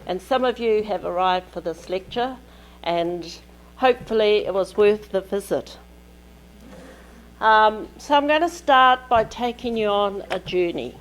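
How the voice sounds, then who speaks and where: A woman delivers a conference keynote in a lecture hall. She speaks slowly and deliberately, in short measured phrases. Her voice sits at an ordinary middle pitch. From New Zealand.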